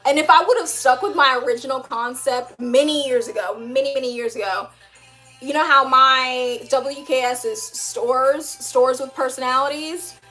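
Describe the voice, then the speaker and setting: Young female streamer, high voice, animated and laughing, casual chat over soft background music. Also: normal speed. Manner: animated and upbeat, laughs often, uses slang. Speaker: livestream host, animator. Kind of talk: casual livestream chat reading comments.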